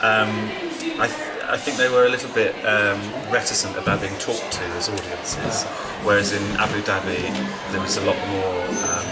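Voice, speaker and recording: Wry comedian chatting backstage. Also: male voice, lowish voice, fairly even intonation, normal speed. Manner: wry, joking, easygoing. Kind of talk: casual backstage interview. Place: basement under the stairs of a venue. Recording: distant mic with loud music behind.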